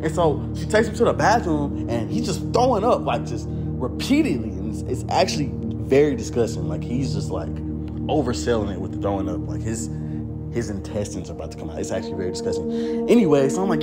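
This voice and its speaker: A young man spins a wild story in an animated, slang-heavy voice. His pitch swings up and down all the time, and music plays underneath. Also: fast talker. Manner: animated, slangy, acts out every voice.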